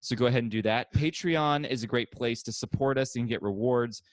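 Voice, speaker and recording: A man's voice: medium pitch, a little fast, no echo. A man hosting a casual podcast from home, chatting, laughing often and running through the show's plugs. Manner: laughs often while plugging the show. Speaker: podcast host. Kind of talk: casual chat and show plugs.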